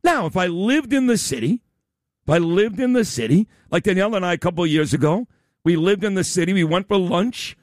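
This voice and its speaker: A male radio host with a high, lively voice that swings up and down as he rants. He is loud, combative and blunt, throwing in profanity. The studio sound is dry and close. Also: brisk, no room sound. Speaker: radio talk show host. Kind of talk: opinion radio rant.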